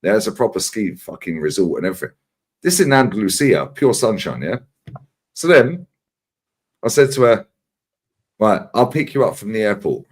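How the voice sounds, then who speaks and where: This man, in his 40s, has a fairly low, slightly breathy voice and speaks at a moderate pace with frequent pauses. A regular on a fan livestream, he trades casual stories, curses often, and performs other people's lines with plenty of energy.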